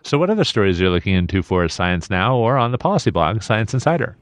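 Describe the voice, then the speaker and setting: A man's voice: on the low side, sing-song, fast talker, no room sound, studio quality. A man hosting a science podcast, asking short questions to prompt his correspondent. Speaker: podcast host.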